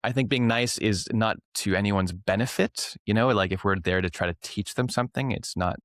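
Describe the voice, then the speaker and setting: A man's voice: fairly low pitch, normal speed, dry recording, clean studio sound. A young Canadian man, a clown and improv teacher, talking casually in an interview and acting out classroom voices. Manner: animated storyteller, acts out classroom voices.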